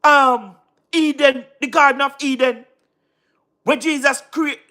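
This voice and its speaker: A man from Jamaica with a Jamaican Patois accent, livestreaming casually, giving shout-outs to viewers and repeating himself emphatically. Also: extremely high pitch, steady tone, slow. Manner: repetitive, keeps asking "you understand what I mean", emphatic. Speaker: YouTube live streamer.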